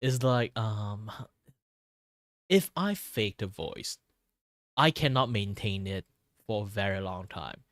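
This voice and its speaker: Tired, low-voiced man chatting on stream. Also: expressive, slow, pauses often, fairly bright tone, no echo, clean studio sound. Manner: rambling, chuckling, with many fillers and restarts. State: voice worn and tired from talking a lot. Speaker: VTuber streamer. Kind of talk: casual chat with stream viewers.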